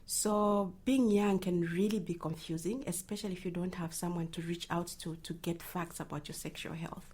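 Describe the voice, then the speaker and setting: A woman's voice: lowish voice, fairly even intonation, moderate pace, few pauses, darkish tone, breathy edge. A woman, an advocate answering interview questions earnestly, often trailing into a near whisper at the ends of phrases. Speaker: reproductive health advocate.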